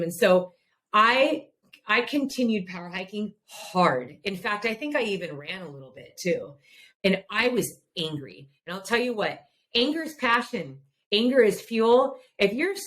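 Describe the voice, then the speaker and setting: A middle-aged woman hosting a podcast, telling a story in a casual, emphatic way and laughing now and then. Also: medium pitch. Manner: animated, emphatic, laughs while recounting. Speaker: podcast host.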